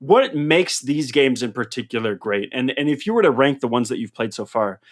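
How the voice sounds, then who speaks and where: A man hosting a casual podcast chat, telling stories in an animated way and laughing through them. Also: medium pitch, fairly quick. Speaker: podcast host. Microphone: headset mic.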